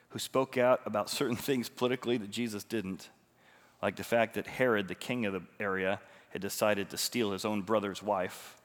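A man preaches from the pulpit of a church sanctuary, dropping to a near hush for stories and then climbing into loud, emphatic passages. His voice carries a long reverb from the large hall around him. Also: mid-range voice. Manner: swings between hushed storytelling and loud emphatic preaching. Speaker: pastor. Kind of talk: sermon.

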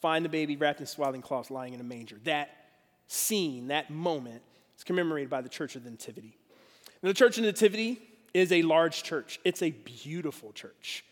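A middle-aged man preaching a sermon as a pastor, telling stories with self-deprecating humor and lively delivery. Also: on the high side, a little fast. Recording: long reverb of a big hall.

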